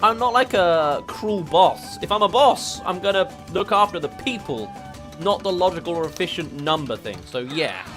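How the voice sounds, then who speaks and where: A man's voice: high-pitched, expressive, moderate pace, fairly bright tone, soft background music. A young English man streaming as a VTuber, chatting casually and laughing as he reads quiz questions aloud. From England.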